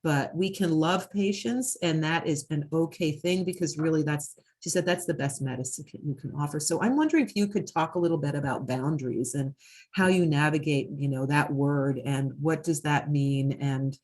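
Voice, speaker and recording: A woman's voice: low voice, normal speed, a little mellow. A woman who works in hospice, earnestly telling a story in a conversation, with many fillers. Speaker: hospice worker and host of conversation.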